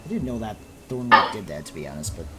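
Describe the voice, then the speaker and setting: A man's voice: fairly low pitch, sing-song, quick pace, pushed and bright, a little hiss or hum. A man running a tabletop game, explaining rules with lots of fillers and restarts. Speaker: game master.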